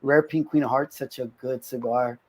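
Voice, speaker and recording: A man's voice: medium pitch, steady tone, moderate pace, darkish tone. A man chatting casually on a livestream in an easygoing, rambling way. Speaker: livestream guest. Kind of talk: casual chat on a video call.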